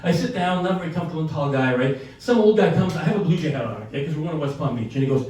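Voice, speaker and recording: A brash older man tells a profane stand-up story at a quick clip, laughing through his own lines. His voice sits high and swings widely. The sound is echoey, picked up from a distance. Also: expressive, a crowd in the background. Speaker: stand-up comedian. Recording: echoey room from far off.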